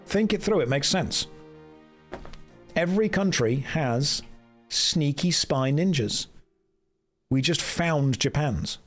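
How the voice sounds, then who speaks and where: A man's voice: fairly high pitch, expressive, takes it slowly, pauses often, soft background music. A man chatting on a live game stream in a joking, self-mocking way. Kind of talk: casual live-stream chat.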